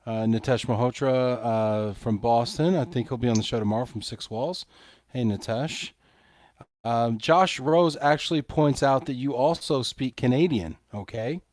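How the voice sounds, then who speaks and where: A man's voice: mid-range voice, normal speed, a little mellow, no room sound, studio quality. A man hosting a live interview show, upbeat, reading viewer comments aloud and asking follow-up questions. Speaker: host.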